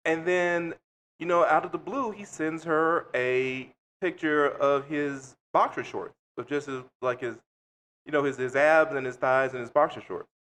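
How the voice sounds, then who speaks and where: Man, podcast co-host, casual storytelling, blunt, profane, a bit high-pitched. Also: unhurried. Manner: blunt, profane, animated retelling.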